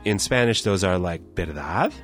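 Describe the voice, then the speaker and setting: A man's voice: fairly low pitch, expressive, brisk, soft background music. A man co-hosting a language-learning podcast, explaining grammar in a playful, teasing way. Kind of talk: scripted language lesson banter.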